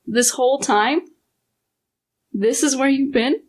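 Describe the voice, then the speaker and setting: A woman voicing a young adult daughter, stunned and wounded, asking quiet, hurt questions. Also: sits high, slow pace, pitched above the performer's own voice.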